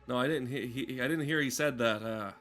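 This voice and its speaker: A man streaming a game, talking in deadpan, rambling casual comedy full of hesitations. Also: medium pitch, brisk, soft background music. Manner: deadpan, rambling, heavy with "uh" fillers. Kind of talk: casual rambling comedy chat while gaming.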